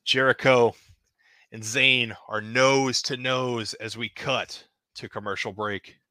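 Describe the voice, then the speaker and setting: A man's voice: mid-range voice, takes it slowly, no echo, studio quality. Man calling toy wrestling play-by-play. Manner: casual, hedging with "kinda", excited at pinfalls. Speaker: host narrating a toy wrestling show. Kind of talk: play-by-play narration.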